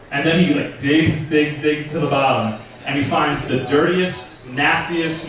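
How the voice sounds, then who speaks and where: A man's voice: a little high, recorded from a distance. A young man doing a stand-up comedy set in a club, telling stories in a crude, profane, casual way. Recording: roomy club recording from afar.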